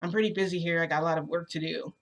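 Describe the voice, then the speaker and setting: A woman's voice: lowish voice, fairly even intonation, rapid-fire, gravelly. Woman voicing a jovial chatty principal. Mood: insistent. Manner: talkative, jovial, insistent. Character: chatty cheerful male school principal.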